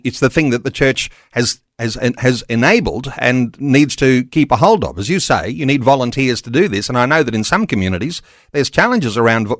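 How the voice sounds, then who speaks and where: A man hosting a discussion, asking questions in a measured way about religious education. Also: medium pitch, no echo, studio quality. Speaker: host. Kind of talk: interview questions.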